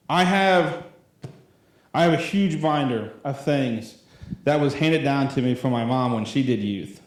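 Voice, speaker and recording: A young youth pastor in his late twenties, preaching a sermon in a loose, conversational way with lots of fillers. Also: on the high side. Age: 20s. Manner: rambling and conversational, full of fillers. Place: church hall. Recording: very echoey church room.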